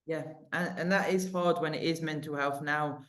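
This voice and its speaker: A woman's voice: sits low, steady tone, normal speed. A woman hosting a podcast, chatting casually with her guest, agreeing often and now and then swearing. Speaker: podcast host. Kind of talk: interview chat.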